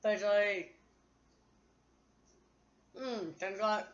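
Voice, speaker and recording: A woman's voice: medium pitch, steady tone, slow, dull audio. A woman vlogger talking to her phone in a candid, profane, rambling monologue.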